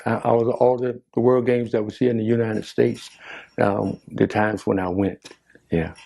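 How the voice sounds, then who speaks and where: Older male coach, gravelly and dark, halting delivery full of "uh"s. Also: on the low side, fairly even intonation. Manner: halting, many "uh"s and repeated phrases. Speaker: longtime sports coach. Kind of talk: casual interview answers.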